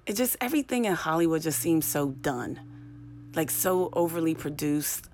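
A woman's voice: deep voice, lively intonation, moderate pace, darkish tone, a little hiss or hum. A young woman hosting a solo podcast late at night, tired and rambling, often trailing off and restarting. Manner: tired, rambling, self-interrupting. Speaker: podcast host.

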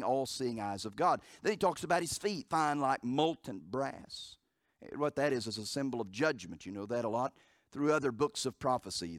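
A middle-aged man preaching a fervent sermon in church, dropping to a hush and rising to a roar. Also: no echo, clean studio sound. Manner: fervent preaching that swings from hushed to booming. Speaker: pastor. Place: church sanctuary.

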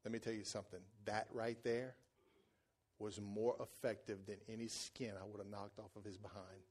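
At a normal speed and with a breathy edge, a pastor preaches a sermon full of colloquial, joking stories. His volume rises to loud, excited peaks and drops to hushed, low moments.

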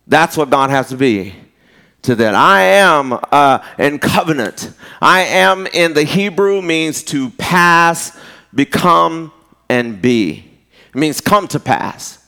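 Pastor guy preaching, chatty and folksy, kinda high voice. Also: animated, takes it slowly, gravelly, pushed and bright, clear, resonant tone. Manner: conversational preaching with folksy asides and laughs. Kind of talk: sermon.

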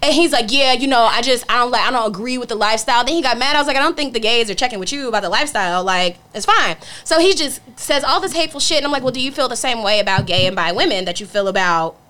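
A young woman chatting on a podcast, telling a story and playing out both sides of the dialogue. Her voice is bright and forceful, sits a bit high, and she rattles along quickly with plenty of cursing. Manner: animated storyteller acting out dialogue, blunt and profane. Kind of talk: casual podcast chat.

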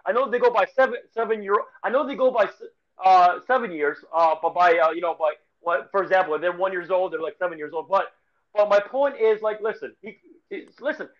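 A man with a fairly high voice co-hosts a casual sports podcast. He talks haltingly and with emotion, stumbling and restarting his words. The recording sounds dull and lo-fi. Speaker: podcast co-host.

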